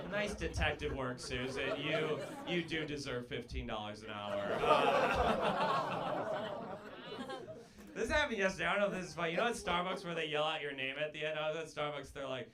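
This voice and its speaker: A man's voice: fairly high pitch, lively intonation, fairly quick. A man in his thirties performing a brash, crude stand-up comedy set with mocking crowd work on a club stage. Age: 30s. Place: comedy club stage before a live audience. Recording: live club recording with loud crowd laughter. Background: loud audience laughter.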